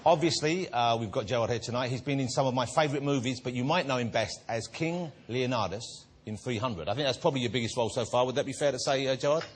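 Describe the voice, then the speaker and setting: A man hosting a TV chat show in front of a studio audience, playful and teasing, with soft r sounds that blur toward w. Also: medium pitch. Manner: playful, teasing, quick to laugh. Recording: loud studio audience and noise.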